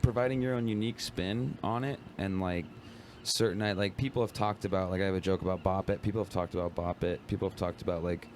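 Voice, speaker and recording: A man's voice: deep voice, steady tone, fast talker, hardly any pauses, slight background noise. A young man talking as a guest comedian in a casual podcast chat, laid-back and rambling, with lots of "like" and "bro".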